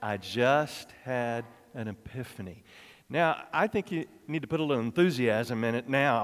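A man's voice: mid-range voice, lively intonation, a little fast. A man who is an interim pastor, giving a playful children's sermon in a church and coaxing the kids with exaggerated enthusiasm. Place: church sanctuary. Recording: long church reverb.

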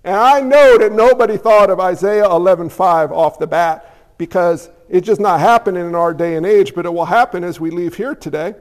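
A man's voice: high-pitched, moderate pace, in a large hall. A man preaching a casual sermon, conversational with jokey asides, acting out bits of dialogue. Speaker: pastor.

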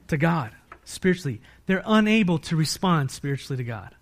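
An American man preaching a sermon from the pulpit, his voice sitting a little higher than most men's. He keeps asking the congregation questions and answering them himself. His delivery swings from loud, emphatic peaks down to quiet, low-voiced stretches. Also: lively intonation, fairly quick. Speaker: pastor.

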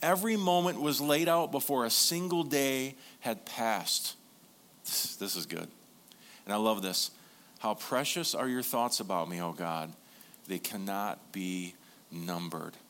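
Pastor preaching a lively sermon. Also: male voice, lowish voice, a little slow. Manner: lively storytelling with congregation call-and-response.

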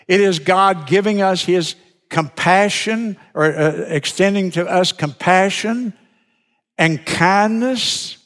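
A male pastor preaches in a church sanctuary, his voice sitting a little high for a man and trailing off into a long hall reverb. He takes his time, speaking slowly and deliberately and hammering key words through repetition. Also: fairly bright tone. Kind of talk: sermon.

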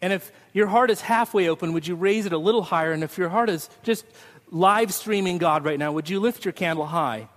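Pastor preaching in an echoing hall. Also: male voice, high voice, brisk. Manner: storytelling with sung snippets, ending in prayer. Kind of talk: Christmas Eve sermon. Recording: long hall reverb.

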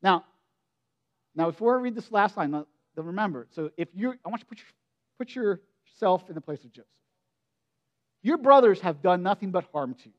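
High-voiced man preaching conversationally. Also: fairly quick, pauses often, lo-fi sound. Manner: conversational, expressive preaching with direct questions to listeners. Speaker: pastor. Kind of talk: sermon.

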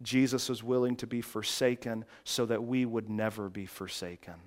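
A man preaching a sermon, moving from quiet reflective passages to loud, emphatic preaching. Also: mid-range voice, fairly even intonation, normal speed. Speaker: pastor.

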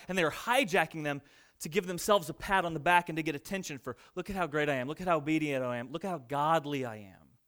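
A man preaching a sermon, reading scripture and acting out boastful people in lively asides. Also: high-pitched. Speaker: pastor.

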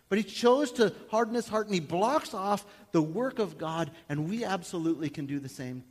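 A male pastor preaching a sermon in a conversational, animated way, acting out little everyday scenes. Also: sits high, a little fast, hardly any pauses. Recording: long hall reverb.

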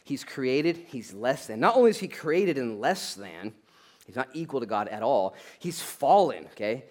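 A pastor delivers a conversational sermon in an animated, joking style, hammering home points with a repeated "okay?" and bursting into loud acted-out asides. His voice is mid-range and his speed normal.

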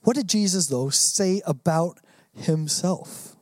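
An earnest preacher delivers a sermon with strong emphasis. The speaker acts out quoted lines in different voices. The pitch sits in a middle range, and the recording is dry and close with no room echo. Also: takes it slowly.

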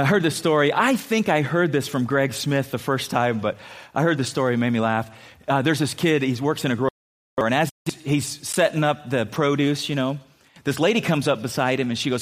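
A middle-aged man preaching a sermon in church, telling funny stories and putting on playful voices with sudden loud jumps. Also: mid-range voice. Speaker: pastor.

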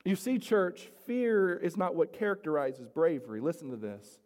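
A man's voice: fairly high pitch, sing-song, normal speed, few pauses, darkish tone. A male pastor preaching an earnest sermon, often repeating phrases and speaking straight to the congregation in a church. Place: church sanctuary. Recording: long reverb of a large hall.

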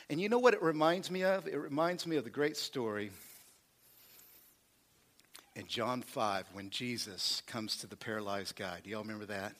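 A male pastor preaching a sermon, animated, calling for responses from the congregation and acting out quotes from the text. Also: medium pitch, normal speed.

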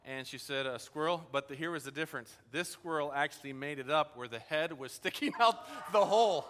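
A man preaching a sermon in a casual, animated way, telling stories and acting out quoted dialogue. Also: fairly high pitch, brisk. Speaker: pastor. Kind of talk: sermon with storytelling. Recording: long hall reverb.

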